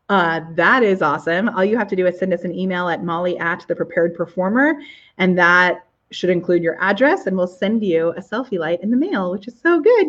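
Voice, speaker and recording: A woman's voice: medium pitch, dull audio. A woman hosting a casual live video show from her living room, bubbly and exclamatory, gushing over her viewers. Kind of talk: casual live-stream chat.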